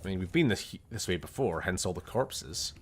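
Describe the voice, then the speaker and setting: A man's voice: sits low, expressive, normal speed, a little hiss or hum. A man with a Scottish accent giving casual, muttering, sweary commentary while streaming a game. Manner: swears often, mutters to himself. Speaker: gaming streamer.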